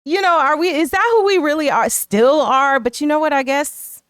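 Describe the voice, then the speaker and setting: This middle-aged woman's voice sits high, and she talks at a normal speed while co-hosting a podcast. She chats casually and thinks aloud, saying "you know" a lot.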